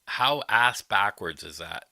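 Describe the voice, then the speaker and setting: A man's voice: lowish voice, lively intonation, slow pace, gravelly, pushed and bright, dry recording. A man hosting a casual livestream, chatting with viewers and giving blunt, profane opinions. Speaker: livestream host. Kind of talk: casual livestream chat, reading viewer comments.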